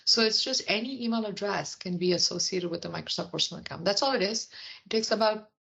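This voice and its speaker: A fast-talking woman with a low, husky, slightly gravelly voice walks through an app in an upbeat, explanatory way. The sound is dull and lo-fi, like a remote call. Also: a bit bright. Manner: upbeat, explanatory, frequent yeahs. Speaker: product leader interviewed as guest. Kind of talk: conversational product demo.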